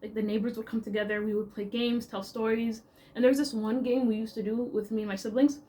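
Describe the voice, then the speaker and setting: Young woman, Canadian accent, slightly high voice, casual storytelling, animated and chatty. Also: fast talker. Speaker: vlogger.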